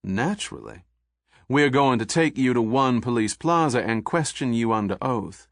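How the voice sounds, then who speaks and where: A man voicing a suave federal agent with a Southern accent, smooth, pleasant and coolly polite. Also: medium pitch, expressive, normal speed, no room sound, studio quality, natural voice.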